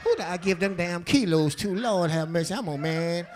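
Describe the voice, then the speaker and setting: Man playing a panicky old gangster, muttering, soft and confused, lively swings in pitch. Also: normal speed, natural voice. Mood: frantic, confused. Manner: muttering, frantic self-questioning. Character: forgetful old male gangster, panicking over lost drugs.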